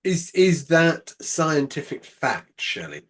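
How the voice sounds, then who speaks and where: A man's voice: a little high, very animated, slow, fairly bright tone. A man co-hosting a casual podcast, teasing his co-host with dry humor. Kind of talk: casual chat.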